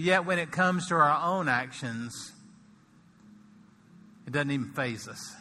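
Bright preaching man in a hall. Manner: swells from soft and slow to loud and high for emphasis. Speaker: pastor. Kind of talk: sermon.

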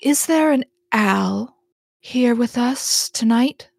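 A woman voicing a sly, indulgent woman spirit medium who speaks in a slow, syrupy, condescending way. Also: medium pitch, darkish tone, no echo, studio quality, lightly acted.

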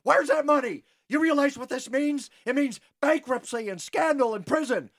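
A man's voice: very high-pitched, normal speed, fairly bright tone, no echo, clean studio sound, pitched above the performer's own voice, full character voice. A man voicing a cruel, miserly old banker in a radio comedy parody, snarling and gloating. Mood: furious.

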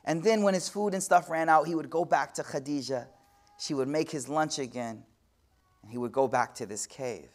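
A man preaching with a voice pitched a little above the usual male range. He talks straight to his audience in slangy asides, swings from near-whispers to loud peaks, and recites Arabic quickly. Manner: slangy, addresses audience directly. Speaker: Islamic teacher. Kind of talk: sermon-style lecture.

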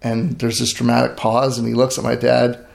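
A man's voice: medium pitch, completely flat delivery, normal speed, gravelly. A middle-aged grain farmer telling stories in an interview, earnest and emphatic, often restarting his sentences. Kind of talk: storytelling interview talk. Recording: echoey room.

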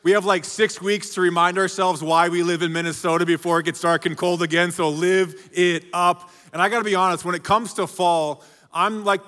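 A man in his forties, a pastor, preaching a sermon to a church in an energetic, joking way and calling out to the congregation. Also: fairly high pitch. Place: large church auditorium. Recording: long hall reverb.

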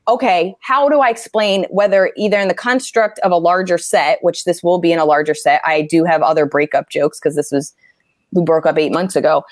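Animated swearing comedian woman, dry mic. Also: lowish voice, no room sound. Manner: animated, swears freely, acts out angry quotes. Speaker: stand-up comedian. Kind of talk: casual interview talk.

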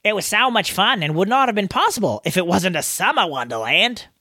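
A man's voice: sits high, big pitch swings, brisk, pushed and bright, dry recording, clean studio sound, exaggerated voice. A man putting on an exaggerated Australian accent to read aloud an Australian man's email. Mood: playful. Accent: put-on Australian. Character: Australian man reading his listener email. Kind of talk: reading a listener email aloud.

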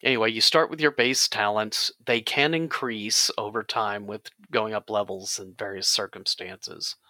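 A man's voice: fairly low pitch, fairly even intonation, moderate pace, sharp tone, no echo. A man hosting a podcast about tabletop games, chatting casually and jokily while he explains the rules. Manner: jokey, explains game rules at length. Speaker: podcast host.

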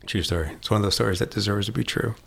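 Man, middle-aged, gravelly, casual podcast chat, anecdotes, chuckles. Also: on the low side, very fast. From Rhode Island. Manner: storytelling, acts out voices, chuckles often.

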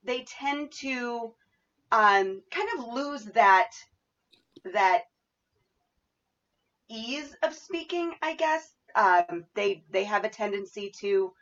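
A woman interviewer talking in a measured, reflective way in casual chat. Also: a little high, expressive, a bit bright. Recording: dull lo-fi audio.

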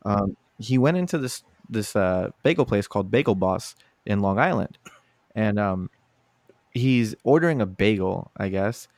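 Profane, animated man in casual chat. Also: lowish voice, measured pace, no echo. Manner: animated, profane, laughing storyteller doing voices.

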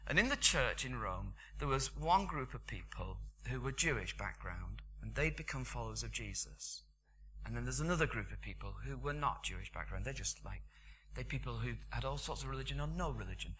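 A man's voice: mid-range voice, animated, a little fast, pushed and bright, a little hiss or hum. A middle-aged British man giving a sermon in a conversational, storytelling way. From Britain. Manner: conversational storytelling, chuckling asides. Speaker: preacher.

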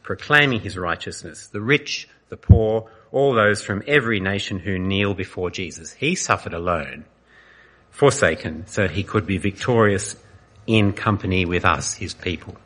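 A male pastor preaching an earnest sermon, dramatic and full of pauses. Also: deep voice, fairly bright tone. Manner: earnest, dramatic, pausing often.

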